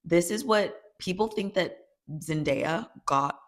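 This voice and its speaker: A woman giving a casual episode recap, retelling the plot in an animated, storytelling way. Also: fairly low pitch, slow pace. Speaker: TV recap vlogger.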